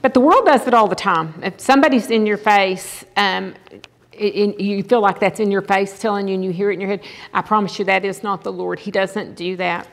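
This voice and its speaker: An older woman preaches in a chapel, talking to the room in an earnest, conversational way. Her voice has a gravelly edge, and a long reverb hangs after her words in the hall. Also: mid-range voice, steady tone, brisk. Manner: earnest, conversational, repeats "okay?" to the audience. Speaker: chapel speaker. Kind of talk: sermon.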